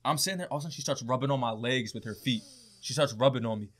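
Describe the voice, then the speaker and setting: A man's voice: mid-range voice, racing, fairly bright tone. A young man, a podcast guest, telling a wild story in casual, profane chat and often laughing.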